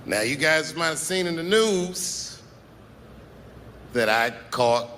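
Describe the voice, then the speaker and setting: A man giving a slow, earnest address to an audience. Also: fairly high pitch, expressive, bright, forceful tone, a little hiss or hum.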